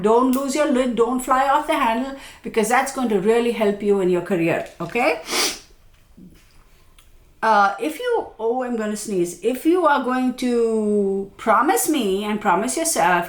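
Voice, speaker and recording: A woman's voice: fairly high pitch, unhurried. Chatty woman astrologer in an echoey room. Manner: chatty and self-mocking, keeps checking in with "okay?". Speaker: astrologer giving a yearly forecast. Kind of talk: casual forecast monologue to viewers.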